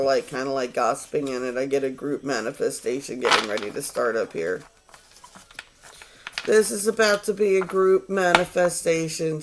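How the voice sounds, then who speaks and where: A man's voice: fairly high pitch, a little hiss or hum. A man in his forties giving a casual tarot reading, rambling, swearing and sounding exasperated. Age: 40s. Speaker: tarot reader.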